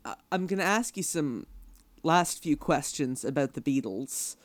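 A man's voice: a little high, expressive, a little slow, no room sound. A man hosting an interview, asking casual, hesitant questions.

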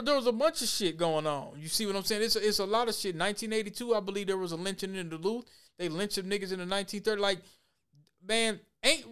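A man hosting a casual talk show, blunt and profane, telling stories with animated quoted voices. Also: high voice, clean tone.

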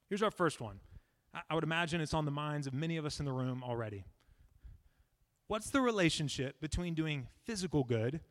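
A young man, a pastoral resident, preaching a sermon to a church, emphatic and repeating key lines slowly for weight. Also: a little high, big-room sound. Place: church sanctuary.

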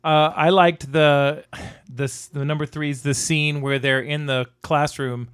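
A man co-hosting a casual movie review chat, animated and swearing freely as he retells scenes. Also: a little high, measured pace, clean tone. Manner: animated, swears freely, acts out quoted lines. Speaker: podcast co-host.

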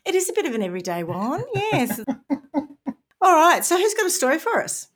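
A woman's voice: high voice, sing-song, fairly bright tone. A woman with an Australian accent co-hosting a casual podcast and steering the conversation. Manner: brisk, steering the chat. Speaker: co-host. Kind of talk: casual chat.

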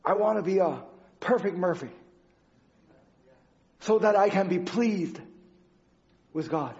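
High-voiced man giving a halting testimony. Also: expressive, darkish tone. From Canada. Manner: earnest, halting, non-native phrasing with restarts. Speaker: church speaker. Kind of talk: personal testimony sermon. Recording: dull lo-fi sound.

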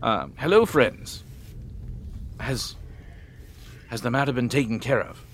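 A man's voice: mid-range voice, animated, slow. An anxious small-town mayor, played by a man running the game gushes with eager relief. The voice sits a touch above the man's usual register, and faint hiss runs under it. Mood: relieved. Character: nervous, fussy human town mayor.

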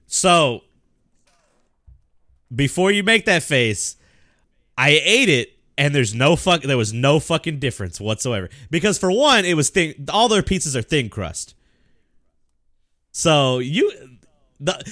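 A man's voice: on the high side, measured pace, pauses often, dry recording, studio quality. A young man co-hosting a podcast, telling stories in casual chat with lots of swearing and laughter. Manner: animated storytelling, swears often, laughs. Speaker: podcast co-host.

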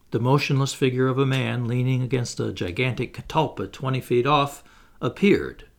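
A man reading a classic novel aloud as an audiobook narrator, lifting his voice for the characters' lines. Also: creaky. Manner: lively reading, raises pitch for quoted characters.

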